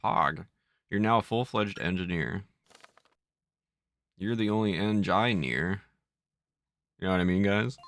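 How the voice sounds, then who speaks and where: A man's voice: lowish voice, measured pace, pauses often, fairly bright tone, no room sound. A man giving jokey, casual live-stream commentary, laughing at his own bits. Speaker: game streamer.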